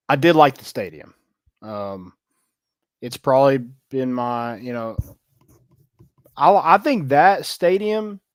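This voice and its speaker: Relaxed man with lots of ums. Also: medium pitch, no echo, clean studio sound. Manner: relaxed, filler-heavy news rundown. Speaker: podcast co-host. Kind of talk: casual sports chat.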